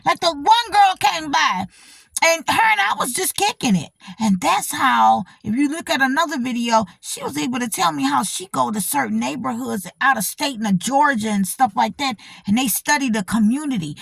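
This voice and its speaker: In a high-pitched, creaky voice at normal speed, a middle-aged woman hosting her channel relates a personal story with casual, blunt profanity. She's animated, repeats herself and frequently checks in with her audience. The sound is dry and studio quality.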